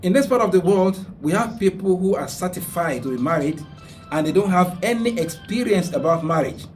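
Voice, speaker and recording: A man's voice: high-pitched, animated, moderate pace, soft background music. Earnest preaching man on a distant mic. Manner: earnest, preaching, repeats points for emphasis. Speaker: radio talk show host. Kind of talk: religious advice talk. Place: radio studio.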